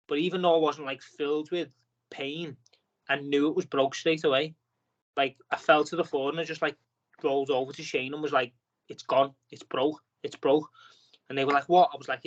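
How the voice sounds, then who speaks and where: A man's voice: a little high, a bit bright, muffled recording. A man, a boxer appearing as a guest, talking casually on a podcast and telling a long story packed with fillers and restarts. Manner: rambling storytelling with many fillers.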